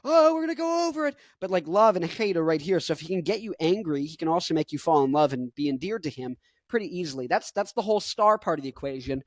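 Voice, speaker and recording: A man's voice: fairly high pitch, quick pace, few pauses, dry recording. A man in his twenties rambling in a jokey, self-mocking way as he talks to camera for his vlog. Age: 20s. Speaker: musician vlogger. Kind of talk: casual rant to camera.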